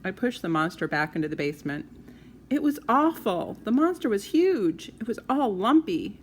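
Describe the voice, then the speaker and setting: A woman reading a children's story aloud, in a soft, hushed first-person telling. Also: mid-range voice, very animated, moderate pace, slight background noise.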